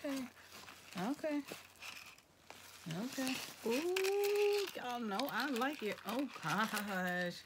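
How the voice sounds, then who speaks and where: A woman opening gifts in a casual vlog, excitable and chatty, talking straight to her viewers and slipping into whispers now and then. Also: on the high side, slow, pauses often, background noise. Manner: excitable, addresses viewers as "y'all", slips into whispers.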